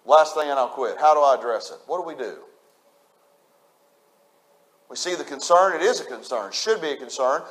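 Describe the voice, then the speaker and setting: A man's voice: on the high side, lively intonation, quick pace. A man preaching a sermon, repeating his points with emphasis and speaking straight to the congregation. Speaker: pastor.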